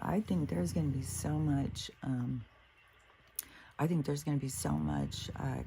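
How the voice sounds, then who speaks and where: Middle-aged woman host, dark mellow voice with faint background hum, blunt and profane in a rambling chat. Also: deep voice, vocal fry. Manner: blunt, swears freely, trails off with fillers. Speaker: spiritual podcast host. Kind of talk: casual storytelling monologue.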